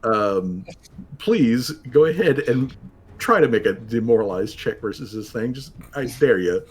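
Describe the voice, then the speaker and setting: Laughing game master, casual and profane. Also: male voice, medium pitch, expressive, unhurried, breathy edge. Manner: laughing, loose and profane, stumbles over words. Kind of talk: running a tabletop game, casual narration.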